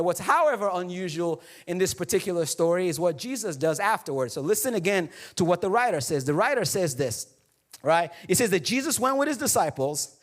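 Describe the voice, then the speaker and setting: Pastor in the pulpit, high voice, laid-back and funny, speaks right to the room. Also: male voice. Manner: casual, joking, talks straight to the congregation. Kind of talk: sermon. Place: church hall before a congregation.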